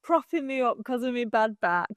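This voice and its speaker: A middle-aged woman, co-hosting a casual chat, animated and quick to laugh. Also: on the high side, clean tone, no room sound, clean studio sound. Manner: chatty, laughs often, animated storytelling. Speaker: podcast co-host.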